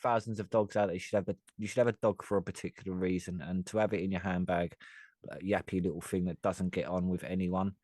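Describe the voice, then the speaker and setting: Deep-voiced blunt British man. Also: little pitch movement, fast talker, a little mellow, no echo. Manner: blunt, opinionated, swears freely. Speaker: podcast co-host. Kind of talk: casual chat.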